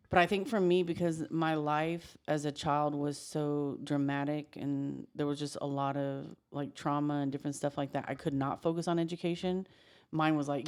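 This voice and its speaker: Low-voiced candid woman. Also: steady tone, normal speed. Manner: candid, reflective. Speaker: podcast co-host. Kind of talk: casual chat.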